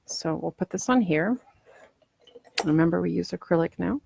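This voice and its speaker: A woman's voice: fairly low pitch, animated, moderate pace, vocal fry, a little mellow, slight background noise. A woman crafter chatting casually through a live demo at home, rambling and acting out what customers might say. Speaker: polymer clay crafter selling ornaments.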